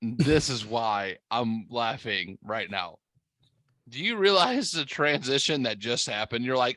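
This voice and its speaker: A man co-hosting a casual podcast, with a mid-pitched voice. He talks animatedly, cuts in and swears freely. His voice sounds dry and close to the mic. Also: a little slow, no echo. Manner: animated, interrupts, swears, mock-incredulous. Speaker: podcast co-host.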